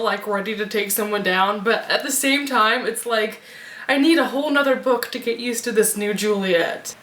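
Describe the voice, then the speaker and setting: A young woman giving a casual book review vlog, gushing and excitable like a fangirl. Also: on the high side, roomy sound. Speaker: book vlogger.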